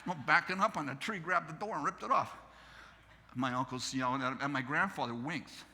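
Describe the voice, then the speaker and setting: A man in his fifties with an American accent, a pastor telling a story in a sermon, animated and laughing as he acts out the other people in it. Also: fairly high pitch, brisk. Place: church sanctuary.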